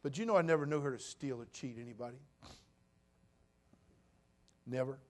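A pastor in his sixties delivers a sermon in an ordinary mid-range male voice. He swings between loud, emphatic bursts and soft, low asides. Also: moderate pace. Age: 60s. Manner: preaching with sudden loud bursts and quiet drops.

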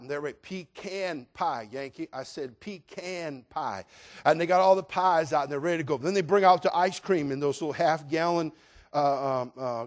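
Man, pastor, high-pitched, comic sermon, animated, sudden shouted lines. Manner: animated, playful preacher with sudden loud exclamations. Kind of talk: humorous sermon storytelling.

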